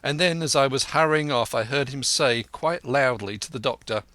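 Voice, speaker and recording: A man narrating a classic adventure audiobook in measured storytelling, putting on a voice for each character. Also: mid-range voice, bright, forceful tone, no room sound.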